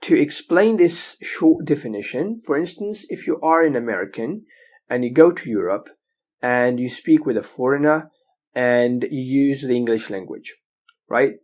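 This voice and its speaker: A man's voice: medium pitch, a little mellow. Man giving a lecture. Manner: explains slowly, often checking with "okay?". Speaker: English teacher. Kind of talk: recorded lecture.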